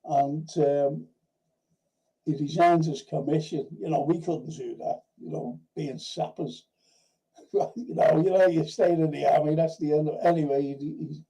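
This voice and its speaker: Gravelly dark-voiced male host. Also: on the high side, steady tone, a little slow, low-quality recording. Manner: rambling anecdotal storytelling, frequent restarts; swears casually. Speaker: host of a film and TV review show. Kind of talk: casual livestream chat.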